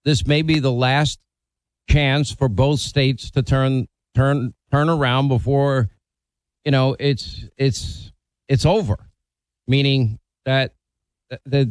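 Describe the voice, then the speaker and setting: A man's voice: medium pitch, steady tone, slow, no room sound. A middle-aged man hosting a call-in radio talk show, blunt and opinionated, teasing his callers.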